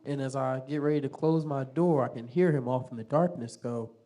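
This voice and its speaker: A man's voice: mid-range voice, fairly quick, dark tone. A man from Tulsa performing a stand-up comedy set in a small theater. He tells crude stories full of swearing and riffs with the crowd. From Tulsa, Oklahoma. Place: small theater stage before a live audience.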